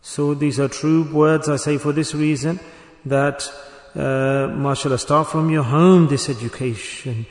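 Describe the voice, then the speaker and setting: A man's voice: fairly high pitch, steady tone, measured pace. A man preaching a sermon as a Sufi teacher, earnest and repetitive, building to emphatic bursts. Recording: echoey hall reverb.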